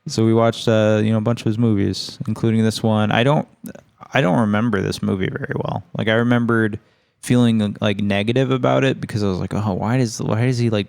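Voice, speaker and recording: Low, clear-voiced man rambling about films. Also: steady tone, a little fast, a little mellow, no room sound. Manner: rambling, swears casually. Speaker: podcast co-host. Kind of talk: casual film chat.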